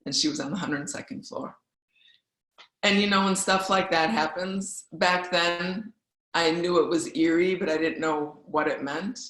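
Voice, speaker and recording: A woman's voice: fairly low pitch, fairly even intonation, a little slow, fairly bright tone. Woman telling her story in an echoey room. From Wisconsin, US Midwest. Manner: candid, conversational storytelling with fillers. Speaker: guest speaker. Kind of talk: personal storytelling talk. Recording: roomy echo.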